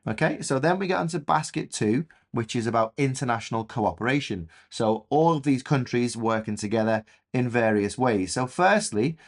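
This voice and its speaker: A man's voice: mid-range voice, lively intonation, normal speed. A man with an English accent teaching a recorded history revision lesson, in a chatty, enthusiastic way with frequent fillers.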